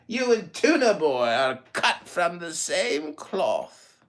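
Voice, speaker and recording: A man in his forties, hosting and trading loud insults and roasts in a heated online voice chat. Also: sits high, sing-song, slow pace, roomy sound. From United States. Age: 40s. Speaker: podcast host and political candidate. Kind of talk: heated online audio-room argument.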